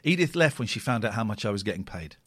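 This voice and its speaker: His voice sits on the low side but moves in a sing-song way, quick and a bit bright with a breathy edge. The speaker, a British man in his forties, chats on a live stream while reacting to old clips of himself, jokey and sardonic, rambling with repetitions.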